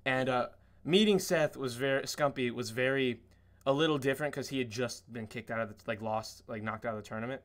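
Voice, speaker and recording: A man's voice: mid-range voice, fairly quick, fairly bright tone. A man hosting a casual podcast, telling long rambling stories packed with "like" fillers and swearing. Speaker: podcast host.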